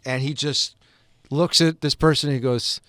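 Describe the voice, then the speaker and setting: A man co-hosts a relaxed podcast conversation, talking in an animated, expressive way as he spins out his stories. His pitch lands in a plain middle range, and the sound is close and dry. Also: normal speed, no room sound. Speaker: podcast co-host. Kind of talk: casual chat.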